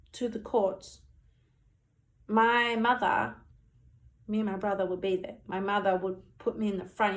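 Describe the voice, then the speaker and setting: A woman in her thirties giving an earnest, heated personal testimony, full of "you know" and "like". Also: mid-range voice. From Australia. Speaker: storyteller recounting her childhood.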